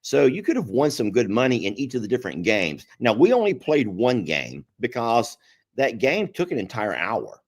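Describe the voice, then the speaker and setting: A man's voice: moderate pace, slightly rough. A man co-hosting a casual chat show, telling a story with a lot of energy. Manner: animated storyteller, pitch jumping up when excited. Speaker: podcast co-host.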